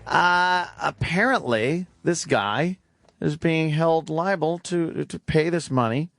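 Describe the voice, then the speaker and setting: A man's voice: on the high side, slow, dry recording, clean studio sound, faint music behind. A man co-hosting a radio show, swearing freely and reacting a lot. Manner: profane, lively reactions. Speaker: radio co-host. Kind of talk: casual radio chat.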